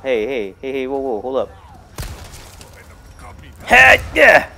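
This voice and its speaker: Profane gamer muttering through a horror game. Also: male voice, medium pitch, steady tone, brisk. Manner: mutters quietly, bursts into loud startled shouts; profane, jokey self-talk to the game. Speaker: gaming YouTuber. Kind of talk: casual let's-play commentary.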